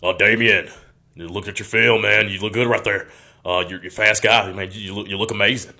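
Man doing a hyped-up football coach, loud, lowish voice, casual and eager. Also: steady tone, brisk, vocal fry, full character voice. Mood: enthusiastic. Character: upbeat male college football coach.

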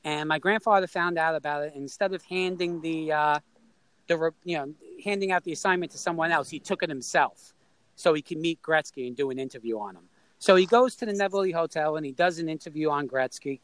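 A middle-aged man from New York telling a story in a casual, animated way and acting out the people in it. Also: a little high, fairly quick, smooth, dry recording, poor audio. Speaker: storyteller guest.

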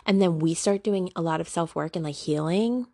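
A woman talks casually to her audience about spiritual self-help, slangy and rambling with filler words. Her voice sits fairly low with a lot of vocal fry. The recording is dry and close. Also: normal speed, dark tone, no echo. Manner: chatty, peppered with "like", slangy. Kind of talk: casual talking-to-camera monologue.

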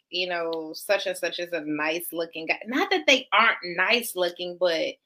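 A woman's voice: fairly low pitch, pushed and bright. A woman co-hosting a casual podcast chat, hesitant and repeating herself as she talks. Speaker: podcast co-host.

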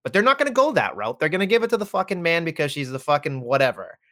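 A man's voice: fairly high pitch, very animated, fast talker, fairly bright tone. A man co-hosting a wrestling podcast, ranting heatedly and swearing constantly in casual chat. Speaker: podcast co-host.

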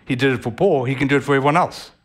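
A man with a South African accent preaching a sermon as pastor, animated and vivid in delivery. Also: medium pitch, rapid-fire. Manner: animated, acts out voices of others.

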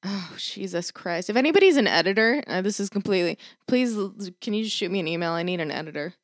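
A woman's voice: mid-range voice, animated, quick pace, no echo, clean studio sound. A tired woman who swears freely and acts out quotes, hosting a casual podcast chat. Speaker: podcast host.

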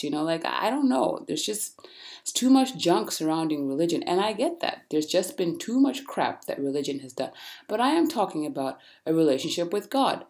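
Female podcast host, deep-pitched, blunt, preachy, lively. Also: normal speed. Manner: blunt, animated, preachy encouragement. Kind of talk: casual motivational monologue.

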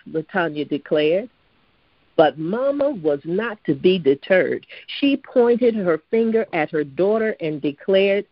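A woman reads a story aloud in a steady, measured voice and now and then trips over a word. The recording is dry with no room sound, and its tone is a bit dull and lo-fi. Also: low voice, no echo. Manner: steady, even reading with occasional stumbles. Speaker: narrator. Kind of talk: storybook narration read aloud.

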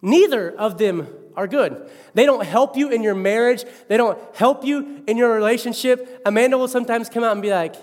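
A man in his thirties preaching a sermon as pastor, animated and conversational, with self-mocking asides. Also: very high-pitched, fairly quick, hardly any pauses, big-room sound.

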